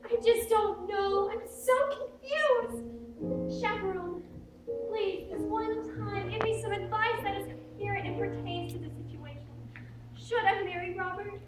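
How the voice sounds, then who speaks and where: A woman's voice: extremely high pitch, unhurried, music in the background. A girl playing a flighty starlet bride. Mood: dramatic. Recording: very echoey hall, far off, noisy.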